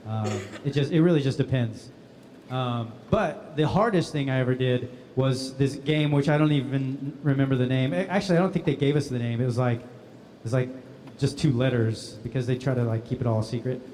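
A man's voice: mid-range voice, a little fast, long reverb tail, slight background noise. A man answering fan questions at a convention panel in a casual, laughing storytelling manner. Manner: laughing, animated anecdotes acting out other voices.

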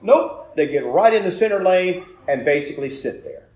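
A man preaching a sermon, telling a personal story with loud emphatic bursts and quiet asides. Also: high-pitched, animated, normal speed. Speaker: pastor.

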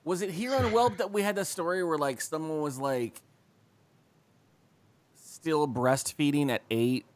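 A man's voice: a little high, unhurried. A man co-hosting a podcast, chatting casually with lots of fillers, swearing and mock indignation. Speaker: podcast co-host. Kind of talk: casual chat.

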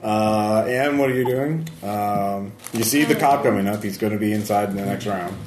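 A man running a tabletop game as game master, lively and full of fillers, laughing often. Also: lowish voice, normal speed, slight background noise. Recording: roomy echo.

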